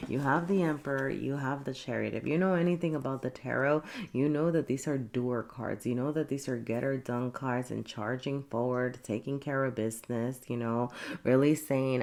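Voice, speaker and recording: A woman's voice: extremely low pitch, creaky, a little mellow. A woman giving a casual tarot reading, chatty and laughing often, with many fillers. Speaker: tarot reader.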